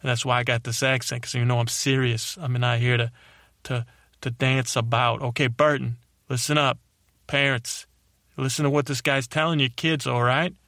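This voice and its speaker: A man voicing a loudmouth male butterfly who rants angrily at humans in a brash, rambling way with a put-on tough-guy accent. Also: mid-range voice, level tone, rapid-fire, few pauses, no echo, clean studio sound, natural voice. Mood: ranting. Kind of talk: comedic character monologue.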